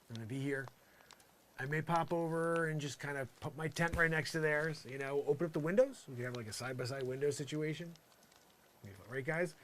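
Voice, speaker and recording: A man's voice: fairly high pitch, a bit bright, a little hiss or hum. A man doing an improvised comedy monologue in character, rambling and exasperated, full of "you know" asides.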